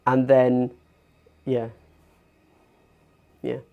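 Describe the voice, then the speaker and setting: A man in his thirties hosting a casual hobby livestream, chatty and animated, getting worked up and poking fun at himself. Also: medium pitch, extremely slow, vocal fry, clean tone, narrow, tinny audio. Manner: chatty, animated, gets worked up and self-deprecating. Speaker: livestream host. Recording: faint background music.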